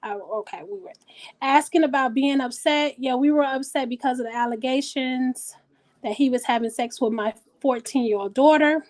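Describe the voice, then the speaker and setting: A woman hosting a casual talk show, blunt and profane, animated and thinking out loud. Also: high-pitched. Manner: animated, blunt and profane, pausing to reason aloud. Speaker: host.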